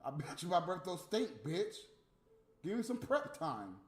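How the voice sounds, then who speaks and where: A man delivering a heated, profane, scolding rant on a livestream, with loud bursts. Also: high-pitched, sing-song, unhurried. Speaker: livestream host. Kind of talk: unscripted ranting monologue. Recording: echoey room with faint music.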